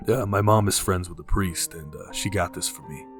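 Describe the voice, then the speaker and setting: A man's voice: sits low, normal speed, music in the background, lightly acted. A man voicing a big, klutzy, good-hearted teenage boy in a casual, slightly raised voice.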